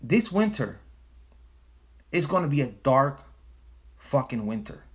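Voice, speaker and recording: A man's voice: medium pitch, big pitch swings, slow pace. A man hosting a casual livestream, talking in an emphatic, profane way and repeating his phrases for stress. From United States. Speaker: livestream host.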